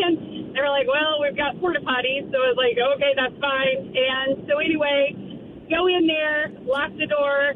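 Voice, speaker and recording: A woman's voice: sits high, fairly even intonation, a little slow, slight background noise. A woman in her thirties calling in to a radio show, telling a funny story with lots of laughter and acted-out voices. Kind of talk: casual storytelling on air. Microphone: telephone. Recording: tinny phone line.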